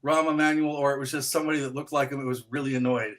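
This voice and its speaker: Bright-voiced man telling a story. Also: medium pitch, fairly even intonation, racing. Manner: rambling anecdotes with swearing and quoted voices. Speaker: podcast co-host. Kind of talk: casual chat, storytelling.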